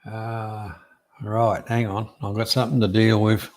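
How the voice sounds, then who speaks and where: A man joining a livestream by call, talking in a relaxed, mild, easygoing way. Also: on the low side, measured pace. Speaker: call-in co-host. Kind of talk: casual chat.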